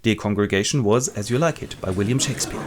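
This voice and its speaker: A man's voice: fairly low pitch, quick pace, heavy background noise. A man, host, retelling a classic play in an irreverent, slangy comic style.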